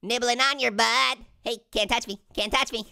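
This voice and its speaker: A man's voice: very high-pitched, fairly even intonation, moderate pace, gravelly, pushed and bright, smooth, full character voice. A man voicing a cheeky, hyper talking orange who giggles constantly while he trash-talks through a let's-play game commentary, goofy and boastful with potty jokes. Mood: giddy, taunting. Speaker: gamer. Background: game music.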